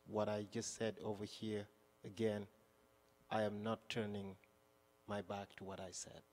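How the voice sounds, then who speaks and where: A man's voice: lowish voice, level tone, unhurried, a little mellow. A male city councilor with a non-native accent, speaking emphatically in a council meeting, often repeating and restarting phrases. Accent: non-native English. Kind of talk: impassioned council floor speech. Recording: long reverb of a council chamber.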